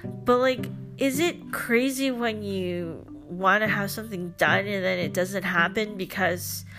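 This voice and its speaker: A woman's voice: mid-range voice, measured pace, over music. A young woman of Filipino background hosting a podcast, telling a story in a chatty, casual way with lots of fillers and joking asides. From Filipino family, lives in Canada. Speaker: podcast host.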